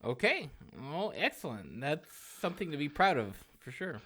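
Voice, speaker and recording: Co-host asking teasing questions, bright voice, bouncy pitch. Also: very animated, moderate pace, breathy edge. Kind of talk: casual chat.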